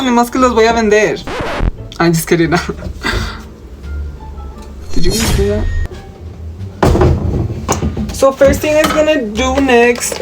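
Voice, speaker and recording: A woman's voice: mid-range voice, a little hiss or hum, poor audio. A woman chatting through a casual home cooking vlog, rambling and crude, with Spanish slang mixed into her English. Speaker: cooking vlogger. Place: home kitchen.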